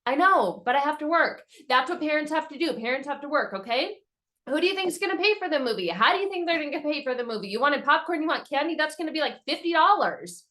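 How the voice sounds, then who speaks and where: A woman's voice: high voice, lively intonation, fast talker, pushed and bright, voice pushed up. Lady playing a tired, snappy parent brushing off her kid. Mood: exasperated. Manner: curt, exasperated, dismissive. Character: busy tired parent scolding a child.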